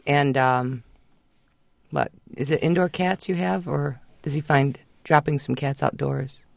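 A man with a fairly high, gravelly voice chats on a call-in radio show. He is chatty and asks the caller questions. The sound is dry and close. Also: fairly even intonation, unhurried, no echo. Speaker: dog trainer guest.

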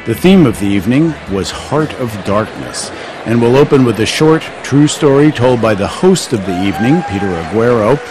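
A man reading a smooth, scripted radio introduction as announcer. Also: mid-range voice, animated, moderate pace, rough recording. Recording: music and crowd noise behind.

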